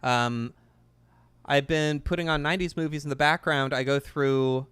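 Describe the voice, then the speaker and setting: A man's voice: fairly high pitch, steady tone, moderate pace, a bit bright, clean tone, dry recording. A man in his twenties chatting casually while playing a game, rambling and enthusiastic. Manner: rambling, enthusiastic, restarts often. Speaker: gaming video creator.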